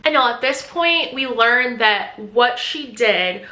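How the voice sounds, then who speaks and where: A woman's voice: a little high, expressive, takes it slowly, few pauses, pushed and bright, reverberant. A woman giving a chatty, casual book recap full of filler words. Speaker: book vlogger.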